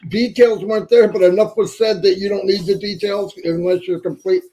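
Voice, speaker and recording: A man's voice: high voice, fairly even intonation, a little fast, dark tone, poor audio. A man hosting a live stream, signing off with upbeat motivational urging. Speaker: host.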